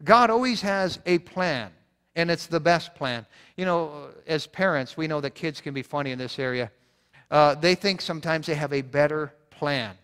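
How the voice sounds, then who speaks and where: A man's voice: a little high, normal speed, a bit bright, clear, resonant tone. A man preaching a sermon as pastor, earnest, repeating points for emphasis, often restarting his words. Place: church sanctuary. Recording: long church reverb.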